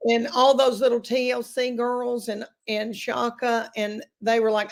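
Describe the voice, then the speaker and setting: A woman's voice: on the high side, flat delivery, a little slow, vocal fry, hardly any pauses. A woman, chatting folksily as a comedian guest. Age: 50s. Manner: folksy and self-deprecating, calls people honey. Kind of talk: casual chat.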